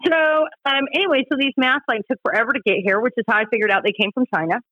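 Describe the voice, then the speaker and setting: A woman in her forties with a Utah accent, a podcast guest telling stories in an animated, laughing way. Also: on the high side, rapid-fire, no room sound. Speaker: podcast guest, harm reduction director. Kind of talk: casual storytelling chat. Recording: slightly dull dry podcast audio.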